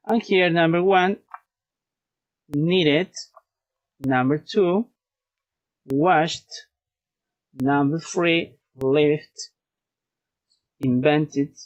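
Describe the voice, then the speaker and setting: A man's voice: fairly high pitch, low-quality recording. A man teaching an online English class, patiently drilling words and repeating each one, slipping into Spanish to explain.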